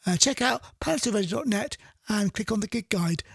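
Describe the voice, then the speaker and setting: A male radio DJ with a gravelly, fry-tinged voice, talking casually between records and thinking out loud. He stumbles and corrects himself in an easygoing, chatty way. The sound is close and dry, with no room around it. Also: high voice, animated, brisk, no echo. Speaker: radio DJ host.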